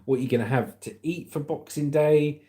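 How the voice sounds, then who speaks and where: A man's voice: fairly high pitch, moderate pace, dark tone. A British man hosting a casual livestream, chatting and reading out viewer comments in an upbeat way. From Britain. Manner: chatty and upbeat, calls viewers mate and legend. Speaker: livestream host.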